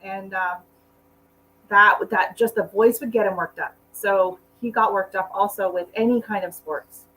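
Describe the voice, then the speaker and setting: Indoors at home, a middle-aged gardening channel host chats on a live stream, wandering between potting chores and asides to her dog. She speaks at medium pitch with a steady, measured delivery and a bright, forceful tone, though the audio is poor.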